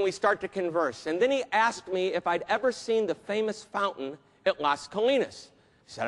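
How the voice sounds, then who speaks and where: Male keynote speaker, high voice, theatrical storyteller who acts out scenes, with long hall reverb. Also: very animated, moderate pace, a bit bright. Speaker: customer service keynote speaker.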